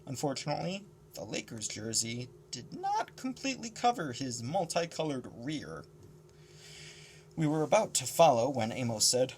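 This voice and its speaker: Very animated male audiobook reader. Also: medium pitch, moderate pace, a little hiss or hum. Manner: expressive, switches between character voices. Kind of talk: casual audiobook narration.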